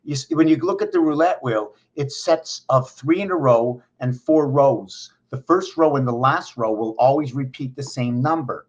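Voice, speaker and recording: A man vlogging from home, talking in a meandering monologue full of pauses and restarts. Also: mid-range voice. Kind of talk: rambling monologue to camera. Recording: dull lo-fi recording.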